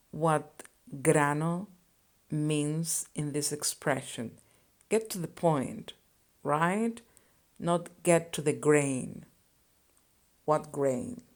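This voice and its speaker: Woman teacher, slow, methodical lesson delivery. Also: fairly low pitch. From Spain. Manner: slow and deliberate, explaining phrases and conjugations. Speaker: Spanish teacher. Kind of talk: scripted language lesson.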